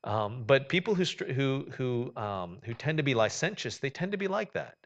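A male pastor preaches a sermon in an everyday, conversational way, full of fillers, restarts and asides to the listeners. His voice sits at an ordinary middle pitch. The recording is a little muffled and lo-fi. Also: big pitch swings, moderate pace.

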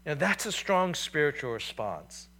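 A man preaching a sermon in a conversational way, with many fillers, building to louder passages and dropping to quiet reflective ones. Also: fairly high pitch, sing-song, normal speed. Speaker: pastor.

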